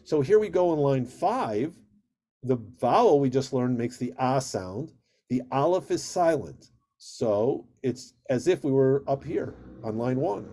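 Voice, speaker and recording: A man's voice: medium pitch, sing-song, mellow. Man teaching Hebrew over a video call. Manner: patient, drawn-out chanted vowel drills. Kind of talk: online Hebrew reading class.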